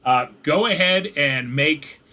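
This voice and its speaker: Bright-voiced man running a tabletop game. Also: a little high, slow. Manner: animated, acts out player reactions with laughs. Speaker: game master.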